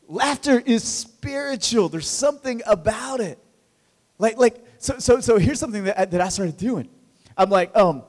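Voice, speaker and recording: A high-pitched man in his thirties preaches to his church with lively, conversational energy. He stumbles and repeats himself as he gets going. His voice rings with the long reverb of a large hall. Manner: energetic, conversational, repeats words when excited. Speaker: pastor. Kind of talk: sermon.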